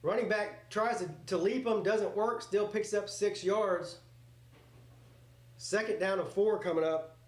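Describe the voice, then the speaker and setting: A man talks through a football game live, rambling and getting excited over each play, with a voice that sits a little high. He swears casually as he goes, and his mic picks up a roomy, echoey space around him. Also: unhurried. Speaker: live reaction host. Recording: roomy echoey home setup.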